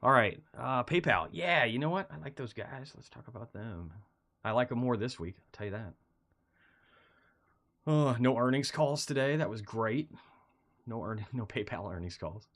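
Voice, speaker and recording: A medium-pitched man walks through market charts on a casual stream at a moderate pace, leaving long pauses. Feeling unwell and short on energy, he rambles conversationally, punctuated by lively flashes of excitement.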